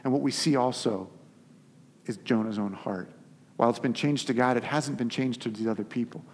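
A husky-voiced man preaches a sermon, retelling the story with lively, conversational touches. His voice sits at an ordinary middle pitch. A long hall reverb follows each phrase. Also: brisk. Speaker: pastor.

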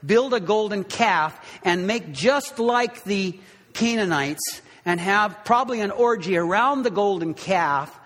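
A man preaching a sermon as a pastor, impassioned, swinging between loud bursts and hushed, quiet lows. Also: big-room sound.

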